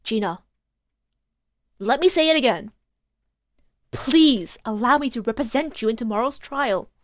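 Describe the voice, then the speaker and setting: A woman voicing an earnest young male law student who speaks gently and sincerely. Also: a little high, expressive, measured pace, no room sound, studio quality. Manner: earnest, gentle, softly spoken.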